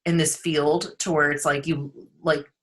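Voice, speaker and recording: A woman's voice: low voice, level tone, measured pace. A woman in casual video call chat with her book club, rambling and searching for words.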